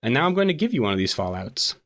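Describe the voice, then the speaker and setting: A man runs a tabletop game as game master. He talks casually and fills his explanations with ums and uhs. His voice sits at an ordinary middle pitch. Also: sing-song, very fast, a bit bright. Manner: casual, with frequent fillers.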